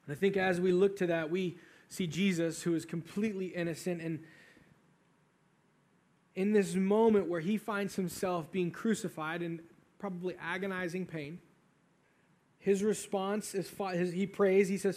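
High-voiced man preaching a sermon. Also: fairly even intonation, normal speed, a little mellow. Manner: earnest, rises to fervent emphasis. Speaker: pastor.

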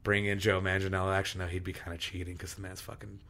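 A man's voice: deep voice, level tone, very fast, sharp tone, a little hiss or hum. A young adult man co-hosting a podcast, chatting eagerly with friends and rambling in casual, profane banter. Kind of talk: casual chat.

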